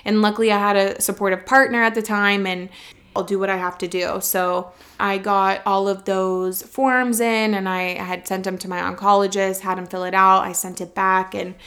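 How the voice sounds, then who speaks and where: A woman in her twenties telling a personal story candidly, blunt and quick to swear, and at moments holding back tears. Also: mid-range voice, level tone, a bit bright. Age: 20s. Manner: emotional, fighting back tears at times.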